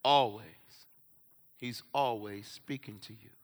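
A man preaching a sermon as pastor, swinging between quiet, low asides and loud shouts, and acting out the voices of Bible characters. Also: lively intonation, takes it slowly. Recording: hall reverb.

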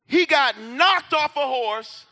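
A man preaching a sermon in a big hall, his high, very bright voice trailing off into long reverb. He takes his time, dropping low and quiet, then rising into shouts as he acts out voices from scripture. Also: lively intonation, slow. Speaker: pastor.

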